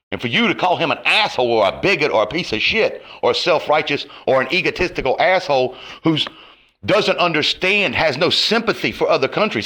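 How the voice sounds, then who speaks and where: An online commentator with a fairly high, sharp-toned male voice delivers a profane, confrontational rant to camera, his heat rising and falling.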